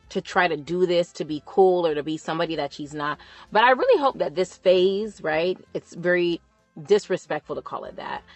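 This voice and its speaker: A young woman talks straight into a close mic in a dry, dead room, her voice sitting on the low side. She rants in a chatty, emphatic way and drags out key words for effect. Soft music plays faintly underneath. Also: no echo. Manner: chatty, emphatic, drawn-out stresses. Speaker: commentator. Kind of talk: casual opinion rant.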